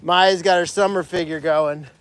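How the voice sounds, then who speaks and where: High-voiced man chatting on a livestream. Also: fairly even intonation, moderate pace, a bit bright, clean tone, no room sound. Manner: chatty, greets viewers and calls animals by name. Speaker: animal sanctuary caretaker hosting a livestream. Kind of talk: casual livestream chat. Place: outdoors at an animal sanctuary.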